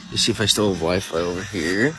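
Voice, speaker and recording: A man's voice: sits low, fast talker, poor audio. A man on a late-night livestream, exhausted and emotional, talking in a weary, rambling way from a restaurant. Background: loud music from a nearby speaker.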